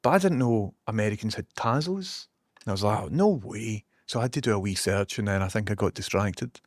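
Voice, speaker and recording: A man's voice: fairly low pitch, fast talker, no echo, studio quality. A Scottish man streaming from a small basement room, rambling casually, swearing now and then and reading out viewer messages. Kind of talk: casual live-stream chat.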